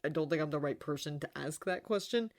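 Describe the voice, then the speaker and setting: A woman's voice: deep voice, fairly quick, darkish tone. A woman voicing a young schoolboy wizard who talks plainly and a little awkwardly, close to her own voice.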